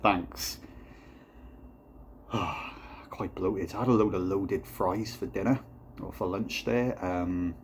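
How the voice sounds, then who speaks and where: A man's voice: deep voice, takes it slowly, long pauses, slight background noise. Profane, rambling man reviewing beer. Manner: rambling, profane, deadpan storytelling. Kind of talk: casual comic vlog.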